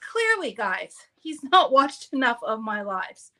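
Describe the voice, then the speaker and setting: A woman's voice: on the high side, sing-song, unhurried, bright, forceful tone. A woman hosting a live papercraft demonstration, talking in a chatty, upbeat way and often breaking off mid-sentence. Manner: chatty, upbeat, self-interrupting.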